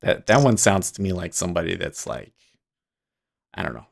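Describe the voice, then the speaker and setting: A man with a fairly low voice hosts a livestream, talking casually. He rambles, restarts his sentences and laughs easily as he goes. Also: very animated, gravelly. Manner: rambling, self-interrupting, quick to laugh. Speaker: livestream host.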